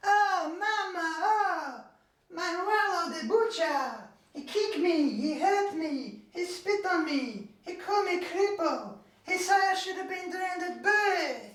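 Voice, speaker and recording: Whining crippled youth, high and drawn-out, far-off roomy sound. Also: male voice, lively intonation, a bit bright, full character voice. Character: whiny crippled young Italian man.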